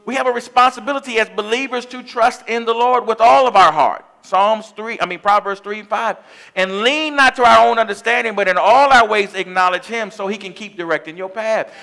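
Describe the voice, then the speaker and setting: High, bright-voiced preaching pastor. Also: male voice, fairly quick, gravelly. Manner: impassioned preaching with call-and-response asides. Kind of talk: sermon. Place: church sanctuary.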